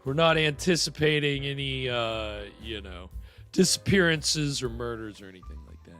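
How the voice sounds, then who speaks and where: A man's voice: medium pitch, lively intonation, moderate pace, fairly bright tone, faint music behind. A man hosting a livestream, chatting casually and rambling with lots of fillers. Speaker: livestream host. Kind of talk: casual chat.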